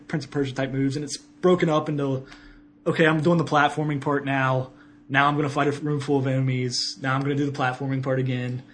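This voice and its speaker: Rambling man reviewing games. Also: fairly high pitch. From Ohio. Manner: rambling, self-correcting, laughs often. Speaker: podcast co-host. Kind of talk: casual game review chat.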